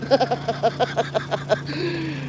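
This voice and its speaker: A man's voice: very high voice, drawn-out words, heavy background noise. A man livestreaming to his chat, rambling and teasing people in crude, mocking talk.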